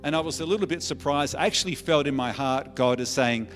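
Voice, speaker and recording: A man's voice: mid-range voice, fast talker, hardly any pauses, fairly bright tone. A middle-aged Australian man, a pastor giving an earnest sermon testimony in a conversational storytelling way, often restarting his phrases. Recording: echoey church hall with faint music.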